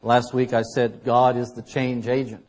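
A man preaching a conversational sermon as a pastor, shifting between loud emphasis and quiet asides. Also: mid-range voice, flat delivery, measured pace. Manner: conversational preaching, dynamic loud and soft swings.

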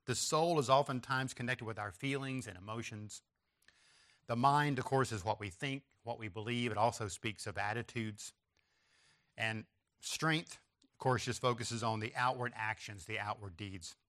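Bright-voiced man preaching a sermon. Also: mid-range voice, moderate pace. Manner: emphatic repetition with rising stress on key phrases; references an outline and slides to listeners.

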